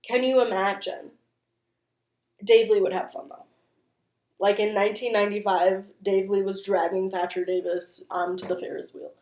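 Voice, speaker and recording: A woman's voice: medium pitch, flat delivery, normal speed, darkish tone, reverberant. A woman giving a casual, joking commentary recap as a channel host, swearing freely and full of fillers.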